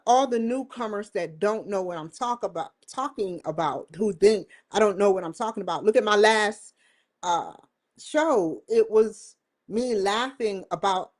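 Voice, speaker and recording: A woman's voice: mid-range voice, a little slow. A woman hosting her own livestream show, rambling and joking between topics, often breaking into laughter. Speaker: host. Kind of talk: casual livestream chat.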